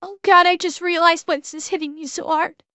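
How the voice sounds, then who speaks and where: A woman's voice: extremely high pitch, steady tone, moderate pace, sharp tone, dry recording. A woman streamer chatting casually and exclaiming emotionally to her viewers on a close desk mic. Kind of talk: casual live-stream chat.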